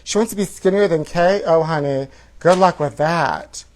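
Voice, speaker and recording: A man's voice: fairly high pitch, moderate pace. A man hosts a comedy show and reads out tabloid stories. He is catty and sassy and keeps calling his listener honey between gasps of mock outrage. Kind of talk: campy comedic reading of tabloid headlines.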